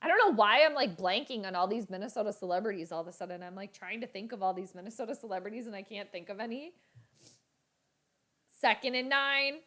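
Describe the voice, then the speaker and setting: Excitable young woman streaming live. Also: a little high, brisk. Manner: chatty, reads viewer comments aloud, bursts of excitement at the game. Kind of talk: casual live reaction chat.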